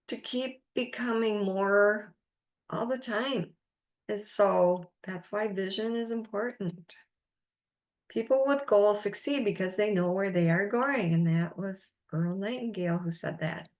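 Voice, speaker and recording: Woman coach, mid pitch, slow and deliberate, encouraging masterclass delivery. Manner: slow, encouraging, emphatic teaching with quotes. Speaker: life coach.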